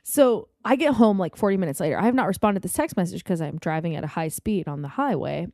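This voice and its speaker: A woman guest on a podcast, telling a long anecdote in an animated, profane way. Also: fairly low pitch, quick pace, dry recording, clean studio sound.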